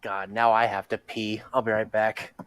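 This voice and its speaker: A man's voice: lowish voice, flat delivery, moderate pace, fairly bright tone, smooth, dry recording. A young man co-hosting a casual commentary podcast, making dry, blunt remarks. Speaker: podcast co-host.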